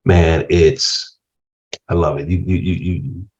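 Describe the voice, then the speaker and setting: Animated man with dull lo-fi sound. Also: low voice, slow pace. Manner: animated storyteller, laughs while telling stories. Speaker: podcast guest. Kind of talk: casual chat.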